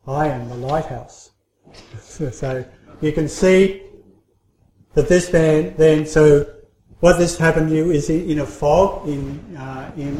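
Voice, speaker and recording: A man giving a children's story in church, talking informally with many pauses and restarts. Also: a little high, darkish tone, a little hiss or hum. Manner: halting, many fillers and restarts. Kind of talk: informal sermon. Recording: roomy hall echo.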